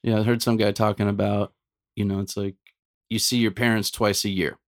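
A man co-hosting a casual podcast chat, reflective and slowing down when he reads a quote aloud. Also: lowish voice, flat delivery, no echo, clean studio sound. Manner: reflective, slows down to read a quote.

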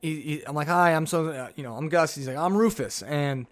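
A man's voice: a little high, a little fast. A man hosting a solo podcast, chatting casually and rambling through old notes with jokey asides. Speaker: podcast host.

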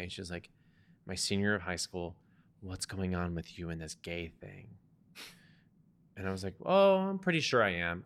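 Deep-voiced man telling a personal story. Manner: chatty, animated retelling with quoted dialogue. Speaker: podcast co-host.

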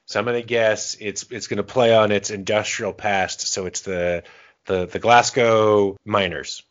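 A man's voice: fairly low pitch, steady tone, unhurried. A man co-hosting a sports podcast, joking and bantering playfully. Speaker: podcast co-host. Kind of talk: casual sports chat. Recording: dull lo-fi podcast audio.

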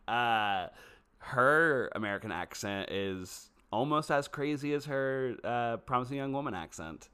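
A man's voice: mid-range voice, moderate pace, smooth. A man co-hosting a podcast in casual, jokey chat about a movie. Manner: chatty, animated, jokey. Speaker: podcast co-host.

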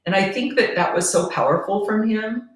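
A woman's voice: medium pitch, normal speed. A middle-aged woman, a podcast guest, earnestly telling a personal story and laughing between lines. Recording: roomy, distant from the mic.

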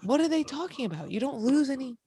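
A woman's voice: sits high, animated, quick pace, dark tone, husky. A young woman co-hosting a casual chat podcast, blunt and swearing freely as she tells stories. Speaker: podcast co-host.

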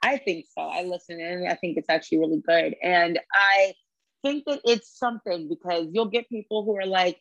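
A woman's voice: fairly low pitch, fairly even intonation, no room sound, highs cut off. Chatty woman podcast host, dry sound. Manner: chatty, quick quips and laughs. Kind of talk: casual chat.

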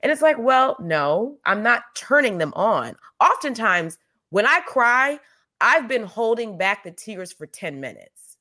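A woman's voice: a little high, sing-song, measured pace, pushed and bright. A woman co-hosting a podcast, sharing personal stories in an emphatic, candid way with frequent restarts. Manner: emphatic, storytelling with many restarts. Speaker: podcast co-host. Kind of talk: candid conversational chat.

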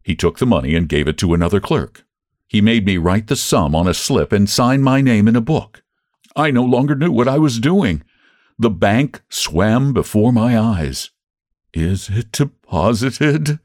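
A man hosts a podcast and narrates a short story in an expressive way. His voice is fairly low but swings widely in pitch. The recording is close and dry. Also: moderate pace, no room sound. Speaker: podcast host and story reader. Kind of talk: audiobook-style story narration.

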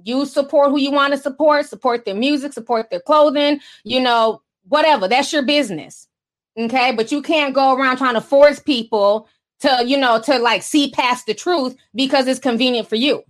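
Sassy high-voiced woman gossip host. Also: moderate pace. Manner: sassy, slangy, often laughing. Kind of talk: casual livestream commentary.

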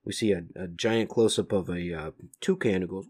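A man's voice: low-pitched, moderate pace, darkish tone, slightly rough. A man casually reading a comic aloud, describing the panels with fillers. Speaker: comic reader.

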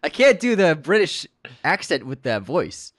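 A man's voice: on the high side, huge pitch swings, measured pace, a bit bright, dry recording, clean studio sound. A man co-hosting a casual film podcast, reading listener comments aloud and laughing often. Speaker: podcast co-host.

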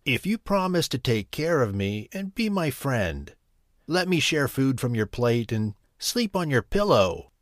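A man voicing a patient, croaky speckled frog in a storybook. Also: mid-range voice, very animated, unhurried, no echo, studio quality. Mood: coaxing.

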